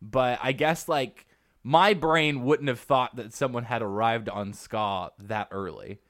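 A man's voice: mid-range voice, a little slow, fairly bright tone. Rambling male podcast co-host. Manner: rambling, filler-heavy musing. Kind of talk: casual chat.

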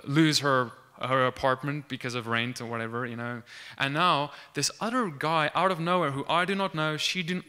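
A man telling a faith testimony as animated storytelling, acting out the lines of the people in it. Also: on the high side, clear, resonant tone. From South Africa.

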